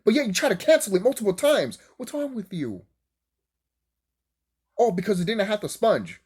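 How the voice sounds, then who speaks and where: Animated, profane man ranting about cartoons. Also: sits high, moderate pace, breathy edge. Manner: animated, profane, laughs often; rambling, restarts mid-thought. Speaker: cartoon reviewer. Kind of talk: casual opinion rant.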